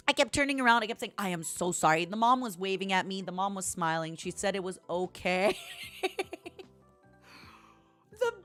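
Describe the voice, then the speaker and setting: A woman's voice: mid-range voice, moderate pace, pauses often, fairly bright tone, faint music behind. A woman streamer in casual chat, telling a story dramatically and animatedly.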